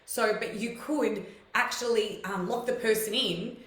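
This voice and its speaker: A woman's voice: fairly high pitch, a little slow, a bit bright, echoey room, poor audio. A woman hosting a live stream, telling personal stories in a casual, chatty way and greeting viewers by name.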